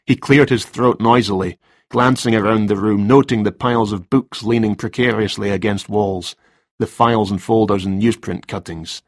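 A man narrating a crime novel audiobook in a measured, even way. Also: on the low side, no room sound, clean studio sound.

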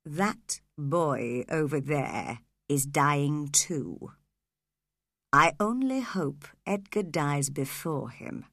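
A woman's voice: expressive, drawn-out words, no echo, clean studio sound, full character voice. A woman doing a cold, menacing villain man. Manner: low, quiet and controlled, flaring into shouts.

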